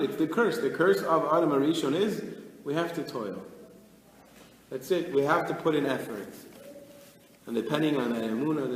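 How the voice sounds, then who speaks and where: Rabbi guy telling stories in a class, acts out the voices, big reverby hall. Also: fairly high pitch. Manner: animated storyteller, acts out characters. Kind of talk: storytelling Torah class. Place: study hall. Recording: echoey hall.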